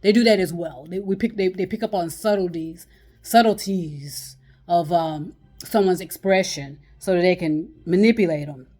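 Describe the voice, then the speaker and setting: A woman's voice: lowish voice, moderate pace, mellow, faint music behind. A woman talking off the cuff in a casual monologue about communication tips, rambling and blunt, swearing freely and laughing between thoughts. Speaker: channel host giving communication tips.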